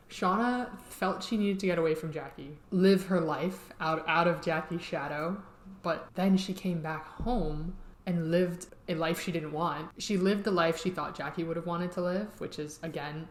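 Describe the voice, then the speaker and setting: A young woman reacting to a TV episode in a casual, chatty way, laughing often and full of "like"s. Her voice sits a little lower than most women's. The room around her has a clear echo. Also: moderate pace. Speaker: TV reaction vlogger. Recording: roomy echo.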